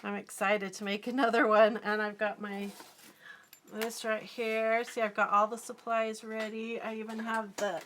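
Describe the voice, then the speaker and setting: A chatty middle-aged woman with a bright, forceful voice chats casually on a live stream while she draws. She giggles often and answers her viewers' comments, her voice sitting a little high. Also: little pitch movement, normal speed, slight background noise.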